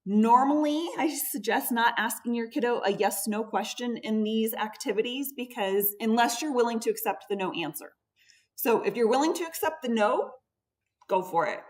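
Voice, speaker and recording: A woman's voice: fairly high pitch, normal speed. A woman speech therapist giving a patient, explanatory conference presentation, stressing key words as she goes. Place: conference room. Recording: voice picked up from a distance.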